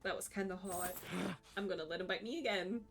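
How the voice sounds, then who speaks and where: A woman's voice: lowish voice, fairly quick, over music. A young woman streaming a game live, emotional and giggly, reading the story text aloud. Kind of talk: live gameplay commentary.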